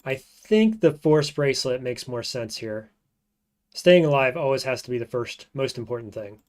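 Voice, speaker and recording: A man streaming a roguelike, thinking aloud in casual gameplay commentary and often trailing off into quiet mutters. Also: mid-range voice, lively intonation, moderate pace.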